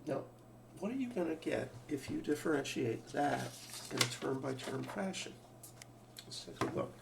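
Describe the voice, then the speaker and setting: A man's voice: on the high side, expressive, moderate pace, creaky. A man teaching a math lesson, thinking aloud, restarting phrases and asking rhetorical questions. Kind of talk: lecture. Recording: roomy sound from a distant mic, faint background hum.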